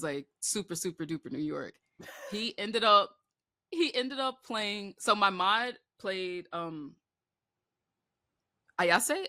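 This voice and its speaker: A woman's voice: fairly low pitch, no echo, studio quality. An American woman chatting casually as a podcast guest, telling stories with many fillers and bursts of laughter. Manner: animated storytelling, many likes and fillers. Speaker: guest, horror manga artist.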